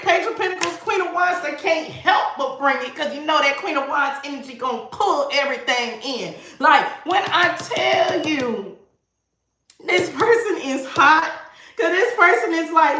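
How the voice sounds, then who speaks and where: A woman giving a livestream tarot reading, talking in an animated, sassy way and often breaking into laughter. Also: high voice, measured pace, reverberant. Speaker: tarot reader.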